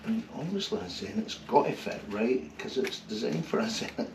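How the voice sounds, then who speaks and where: A man working on an old car engine and talking to himself, muttering quietly, with bursts of excitement. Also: mid-range voice, moderate pace, vocal fry. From Scotland. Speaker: car restorer. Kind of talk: casual workshop commentary. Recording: roomy, distant, noisy workshop sound.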